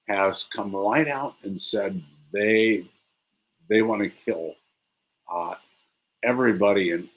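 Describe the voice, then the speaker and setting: A man in a casual political chat, talking haltingly and restarting his sentences. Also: sits low, fairly bright tone, slightly rough, poor audio.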